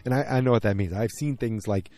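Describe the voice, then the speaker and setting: A man's voice: lowish voice, quick pace, a little mellow. A man hosting a podcast, recapping an episode in a rambling, unsure way and often second-guessing himself while talking outdoors. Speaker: podcast host. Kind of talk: casual solo episode recap.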